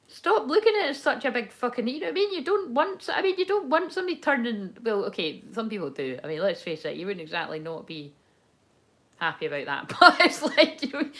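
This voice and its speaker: A woman's voice: a little high, fairly bright tone. A young adult woman, chatting casually through a tarot reading, rambling and swearing freely as she laughs along. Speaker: tarot reader. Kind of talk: casual live tarot chat.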